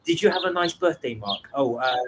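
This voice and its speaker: A man's voice: mid-range voice, expressive, brisk. A man co-hosting a live stream from his garden, chatting casually and reading out viewer comments. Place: outdoors in a garden. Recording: noisy outdoor sound with birdsong. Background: birdsong.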